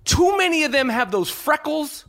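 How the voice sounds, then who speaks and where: A man's voice: very high voice, big pitch swings, moderate pace, fairly bright tone. Brash, profane male podcast host. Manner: brash, profane and rambling, with repeated "okay?". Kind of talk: sports talk and host-read ad.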